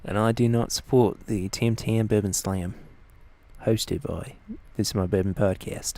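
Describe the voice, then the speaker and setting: A man's voice: lowish voice, steady tone, unhurried, dark tone. A man putting on an impression of an affable male Australian prime minister, with a put-on Australian accent and a jokey, mock-formal announcer tone.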